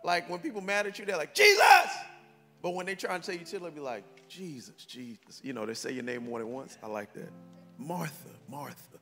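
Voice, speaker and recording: A man preaching a sermon as pastor to a congregation, lively and conversational with call-and-response, swinging from shouts to soft tones. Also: on the high side, fast, hardly any pauses. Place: large church hall with congregation. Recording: long reverb from a church hall, faint music.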